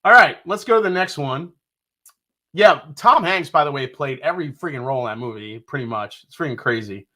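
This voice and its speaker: A man's voice: fairly high pitch, animated, a little fast, pushed and bright. A man from New York hosting a casual live stream, reading out viewer comments, joking, swearing casually and laughing often. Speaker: livestream host.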